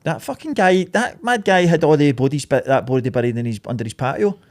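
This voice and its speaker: A man ranting bluntly and swearing freely in casual studio chat. His voice sits a bit high for a man, and he presses each point hard. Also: animated, quick pace. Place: podcast studio.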